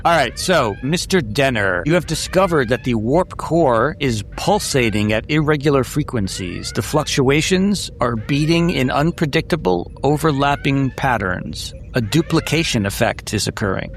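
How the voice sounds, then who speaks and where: A man narrating a science-fiction tabletop game as game master, with measured, dramatic delivery. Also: mid-range voice, lively intonation, slight background noise.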